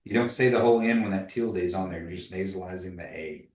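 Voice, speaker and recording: Man, low-pitched, language teacher, patient, casual, echoey room, distant mic. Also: fast talker, darkish tone. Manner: patient, models pronunciation, tells anecdotes. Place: classroom.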